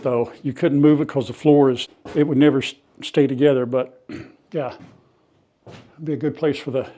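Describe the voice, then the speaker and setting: Cleaning out an old farm outbuilding and yard, an older man vlogs for viewers in casual, folksy narration, coughing at times from the dust. His voice is on the high side yet dark in tone, with slight background noise behind it.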